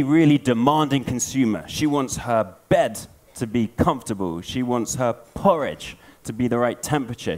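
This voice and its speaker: A man giving a storytelling conference talk, an animated storyteller. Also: medium pitch. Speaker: conference speaker.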